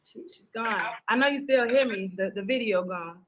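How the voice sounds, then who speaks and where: A mother speaks over a phone or video call, her words full of gratitude and emotion. The call audio is dull and lo-fi. A clear hiss runs underneath her voice. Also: on the high side, normal speed. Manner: grateful, emotional. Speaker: guest, mother.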